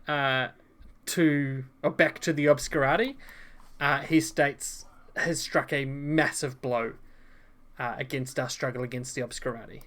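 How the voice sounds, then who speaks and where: A man running a tabletop game as game master, narrating with frequent fillers and halting pauses. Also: mid-range voice, steady tone, a bit bright.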